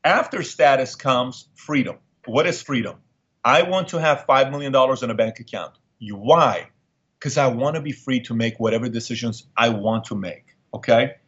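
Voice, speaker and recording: A man's voice: mid-range voice, normal speed, fairly bright tone, highs cut off. Emphatic man telling his story. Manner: emphatic, repeats lines for effect, emotional storyteller. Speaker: interview guest, entrepreneur. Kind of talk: candid storytelling interview.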